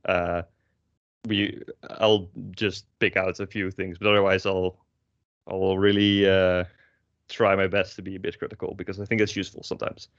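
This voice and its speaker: A man's voice: low voice, flat delivery, normal speed, fairly bright tone. Young man teaching over a muffled call. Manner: wry, hesitant, many ums and uhs. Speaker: language teacher. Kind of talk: online class explanation. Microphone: video call. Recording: slightly muffled call audio.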